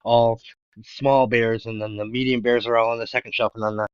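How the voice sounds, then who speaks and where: A man co-hosting a casual film chat, telling jokes in a halting way with many fillers. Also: mid-range voice, level tone, smooth, dry recording, lo-fi sound. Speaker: podcast co-host.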